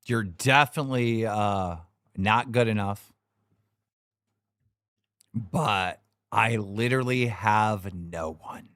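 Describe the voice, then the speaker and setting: A man's voice: on the low side, slow pace, pauses often, fairly bright tone, no room sound, clean studio sound. A man hosting a livestream, talking casually in a blunt, profane, scolding way. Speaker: livestream show host.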